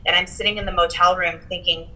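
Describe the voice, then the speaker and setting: Guest, woman in her thirties, bright forceful tone, slightly low pitch, candid and motivational. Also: little pitch movement, fast talker, rough recording. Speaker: podcast guest. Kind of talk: casual interview chat.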